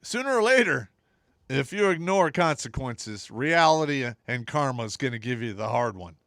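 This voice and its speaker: A middle-aged man on a casual talk show, blunt and profane, telling animated stories about his days in the army. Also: mid-range voice, moderate pace, no echo, clean studio sound. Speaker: podcast co-host.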